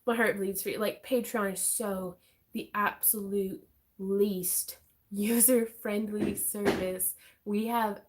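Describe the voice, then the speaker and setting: A woman hosting a craft livestream, chatting casually in a bubbly, excitable way with frequent giggles. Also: mid-range voice, slow.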